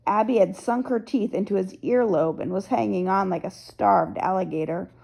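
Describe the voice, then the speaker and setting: Woman reading a novel out loud, steady, bit of vocal fry. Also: medium pitch, moderate pace, poor audio. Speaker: audiobook narrator. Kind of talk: first-person novel narration.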